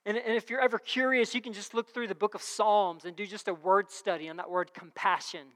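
A woman's voice: mid-range voice, fairly even intonation, fairly quick, long reverb tail. A woman preaching a sermon in a conversational way, repeating key phrases and reading scripture aloud.

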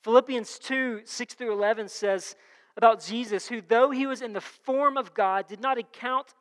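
A woman's voice: fairly high pitch, moderate pace, in a large hall. A woman preaching a sermon in a conversational way, repeating key phrases and reading scripture aloud.

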